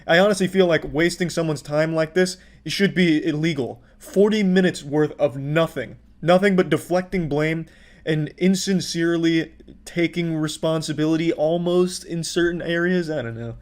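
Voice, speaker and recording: Man, thirties, commentary host, somewhat high-pitched, exasperated, swearing often. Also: moderate pace. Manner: exasperated, profane ranting. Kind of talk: reaction commentary.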